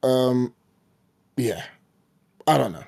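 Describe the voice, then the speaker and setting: A man in his twenties co-hosting a podcast, talking casually in a halting way with frequent stammered restarts. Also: medium pitch, expressive, vocal fry, darkish tone. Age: 20s. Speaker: podcast co-host. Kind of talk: casual personal chat.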